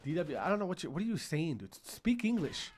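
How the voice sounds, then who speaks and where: A very animated man with a fairly high voice comments briskly on his gameplay stream, with slight background noise. He swears at his teammates, repeats himself, and game gunfire can be heard behind him.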